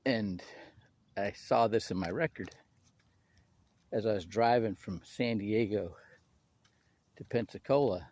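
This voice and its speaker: Man, slightly low voice, animated personal storytelling with restarts. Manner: animated, acts out quoted people in a raised voice; halting restarts and repeated words. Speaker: speaker sharing his testimony.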